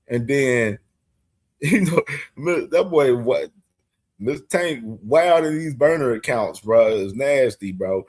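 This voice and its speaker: A man hosting a casual boxing commentary stream, talking in with profane banter and frequent loud laughing fits. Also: fairly high pitch, lively intonation, slow pace. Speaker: boxing show host.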